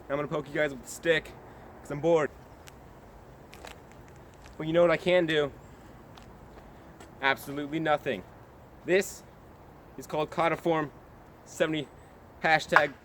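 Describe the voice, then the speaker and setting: A man's voice: on the high side, fairly bright tone, slight background noise. A young man from the US, a vlogger telling a rambling comic story in a mock-serious tone, recording himself outdoors on a handheld camera. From United States. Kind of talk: comedic storytelling vlog. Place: outdoors on a trail in woods.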